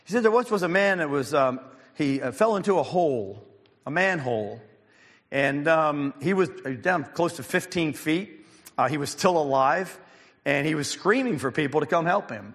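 Pastor preaching in a reverberant church. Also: male voice, on the high side, animated, moderate pace, fairly bright tone. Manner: storytelling, many fillers and restarts, occasional throat clearing. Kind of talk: sermon.

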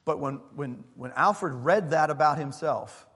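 A man's voice: on the high side, measured pace, a bit bright. Guy pastor giving a chatty sermon w/ lots of ums, church hall echo. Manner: conversational preaching with fillers and asides to the congregation. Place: church sanctuary. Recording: long hall reverb.

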